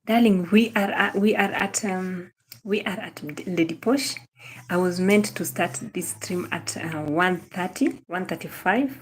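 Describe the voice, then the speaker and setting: A young adult Kenyan woman, speaking in a Kenyan accent, hosts a relaxed live stream chat, calling out viewers by name, repeating phrases and dropping in Swahili now and then. Her voice is on the low side, slightly rough and unhurried.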